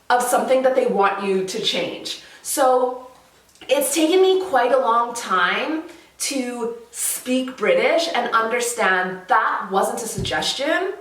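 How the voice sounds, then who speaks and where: A woman from Canada chatting casually to camera as a vlogger, animated and laughing often. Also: on the high side, slow, recorded from a distance. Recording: roomy echo, slightly off mic.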